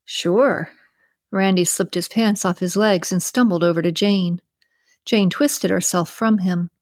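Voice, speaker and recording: A woman's voice: on the low side, steady tone, normal speed, darkish tone, no echo. Woman narrating a story, close and dry. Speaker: audiobook narrator. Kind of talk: scripted narration.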